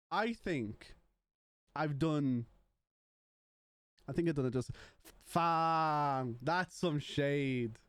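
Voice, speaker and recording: A man's voice: a little high, clean tone, no echo. A young man streaming live, chatting casually and joking with his viewers. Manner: playful, joking banter with chat.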